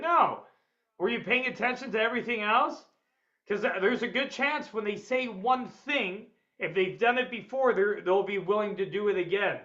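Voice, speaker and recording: A man teaching a sales webinar in an energetic, blunt way, swearing freely and acting out what clients say. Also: high voice, moderate pace, lo-fi sound. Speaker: sales trainer. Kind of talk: webinar seminar lecture.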